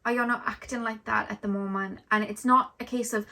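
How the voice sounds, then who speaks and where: A woman's voice: on the high side, steady tone, brisk, few pauses, sharp tone. A woman doing an intuitive tarot reading for her viewers, earnest and openly emotional, rambling with lots of "like" and "um". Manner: rambling, heavy on "like" and "um". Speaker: tarot card reader.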